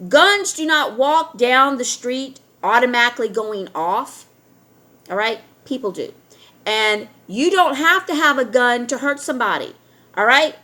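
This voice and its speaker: A woman's voice: sits high, bright, forceful tone. A middle-aged woman vlogger talking straight to camera in a blunt, lecturing way, often ending points with "all right?". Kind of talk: opinionated talk to camera.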